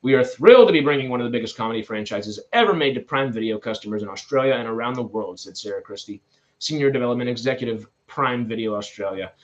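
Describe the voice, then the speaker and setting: A man's voice: mid-range voice, expressive, fast talker, muffled recording. Young man rambling over film news. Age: 20s. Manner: reads news items, then rambles with asides and restarts. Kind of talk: casual news commentary.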